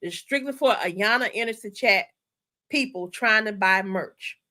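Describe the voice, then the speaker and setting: A woman hosting a casual livestream, walking viewers through her online store in a chatty, excited way and repeating her instructions. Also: medium pitch, unhurried. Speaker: channel host.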